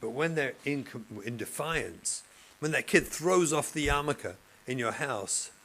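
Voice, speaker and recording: A man, a rabbi and therapist, giving a passionate lecture to educators, moving from loud emphasis to hushed speech. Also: medium pitch, animated, unhurried, a little hiss or hum, low-quality recording. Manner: passionate, acts out classroom scenes, swings between loud and hushed.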